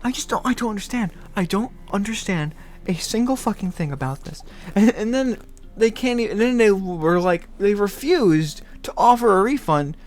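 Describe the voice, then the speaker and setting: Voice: medium pitch, lively intonation, moderate pace, a little mellow. A channel host venting an angry rant directly to the viewer. The voice swoops far up and down, and the speaker curses, repeats the same complaint over and over, and breaks into exasperated laughter. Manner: ranting, swearing, exasperated laughter between lines; repeats phrases in frustration.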